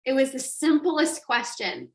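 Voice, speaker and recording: A woman coach telling an animated story on a live stream, acting out quotes and laughing often. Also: high-pitched, unhurried, reverberant. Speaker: online business coach.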